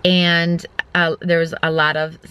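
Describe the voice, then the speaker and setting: Woman vlogger with a bright, forceful voice. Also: lowish voice, little pitch movement, a little slow, clean tone. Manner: candid, rambling storytelling. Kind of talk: casual chat. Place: inside a car.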